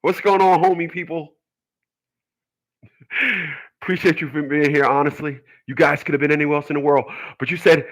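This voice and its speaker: A man hosting a home live stream, his talking voice sitting a touch higher than most men's. He reads viewer comments and fires back crude, joking replies in a loose, casual way. He keeps laughing at his own jokes. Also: fairly even intonation, moderate pace, long pauses, rough recording. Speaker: internet talk show host.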